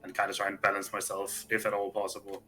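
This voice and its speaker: A man's voice: fairly low pitch, monotone, fast talker, bright, forceful tone, faint music behind, rough recording. A man playing a tabletop game, eagerly describing what his character tries. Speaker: player. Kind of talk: casual tabletop game play.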